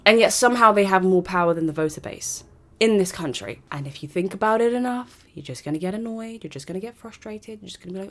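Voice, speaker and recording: A woman's voice: mid-range voice, animated, fast. A woman, hosting a podcast and delivering an opinionated monologue in a sarcastic, ranting, emphatic way. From Britain. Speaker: podcast host.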